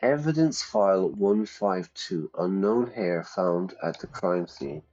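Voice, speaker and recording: Low-voiced guy playing a detective game, chatty, reads stuff out, slow overall, kinda dull audio. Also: expressive. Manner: chatty, reads game text aloud and reacts loudly. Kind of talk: casual gameplay commentary.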